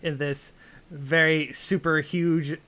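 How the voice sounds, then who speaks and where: A man with a bright, slightly high voice runs a tabletop game. He narrates in a loose, rambling way, circling back with "kind of" and "uh" between restarts. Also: little pitch movement, slow. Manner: rambling, filler-heavy, with many restarts. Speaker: game master.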